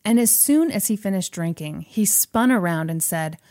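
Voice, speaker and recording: A woman casually retelling a film's plot to a friend, acting out the characters' lines in quick asides. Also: on the low side, expressive, a little mellow. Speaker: podcast host retelling a film plot. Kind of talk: casual storytelling chat.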